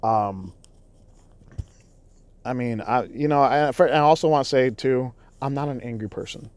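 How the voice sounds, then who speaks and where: Loud sweary guy venting on his vlog, dry close sound. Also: medium pitch, unhurried, smooth, no echo. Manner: loud, profane, heated storytelling. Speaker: YouTuber. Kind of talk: casual vlog recounting.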